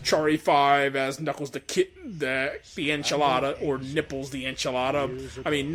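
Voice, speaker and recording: A man's voice: medium pitch, steady tone, normal speed, hardly any pauses, a crowd in the background. A man giving a casual, rambling director's commentary on his fan dub, laughing often, into a condenser mic. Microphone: USB condenser mic.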